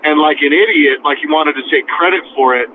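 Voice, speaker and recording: A young man from near the US-Mexico border, telling a story in a casual chat, animated and profane, acting out other people's voices. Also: a little high, brisk. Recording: tinny phone-like sound, faint noise.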